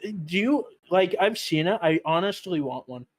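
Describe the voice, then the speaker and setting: A man's voice: sits high, animated, normal speed. A young man in casual stream chat, easygoing and teasing.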